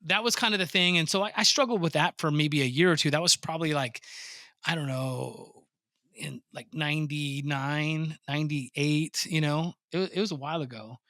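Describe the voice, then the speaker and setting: A man with a bright, slightly raised voice tells business stories in a casual podcast chat. He swears freely and acts out his own reactions with energy. The room sounds dry and close. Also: a little high, normal speed, dry recording. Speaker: podcast guest, pond business owner. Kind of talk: casual interview storytelling.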